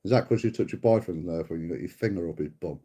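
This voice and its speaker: A man's voice: deep voice, fast, warm tone, husky. A middle-aged man hosting a livestream, casually bickering and swearing at a viewer, calling him mate. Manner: bickering, sweary, mocking, calls people mate. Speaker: livestream host.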